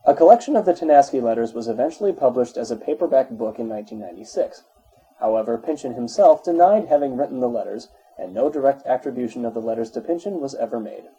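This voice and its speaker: A man reads an encyclopedia article aloud in a steady, even way. His tone is very dark and mellow, with a husky grain. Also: mid-range voice, rough recording. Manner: steady, even reading, spells out dates in full. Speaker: narrator.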